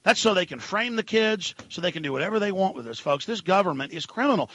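Husky ranting talk-radio man, high and bright. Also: animated, quick pace, few pauses, dry recording. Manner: ranting, swinging from low mutters to shouting. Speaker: radio host. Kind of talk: impassioned political talk radio monologue.

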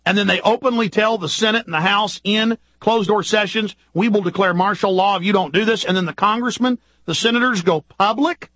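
High-pitched ranting male host. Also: a bit bright, no echo, highs cut off. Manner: urgent, ranting, rapid-fire rhetorical questions. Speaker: radio host. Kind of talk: impassioned political monologue.

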